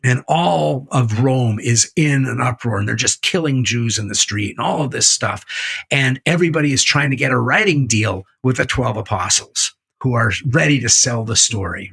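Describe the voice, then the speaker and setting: A man's voice: mid-range voice, vocal fry, a bit bright, husky. A man being interviewed as a guest, retelling a book scene by scene in a candid, profane, emphatic way. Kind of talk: candid conversational storytelling.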